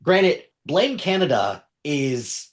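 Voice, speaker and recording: A man's voice: a little high, slow pace. A man chatting as a podcast guest about movies, rambling and correcting himself as he goes. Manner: rambling, self-correcting, animated. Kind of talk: casual chat.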